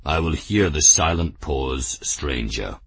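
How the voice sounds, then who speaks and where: A man plays a grave old cat chief who rules his clan with tight control. The voice sits very low and slow, with a husky growl under every word, recorded close and dry like a storybook reading. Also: lively intonation, no room sound, full character voice.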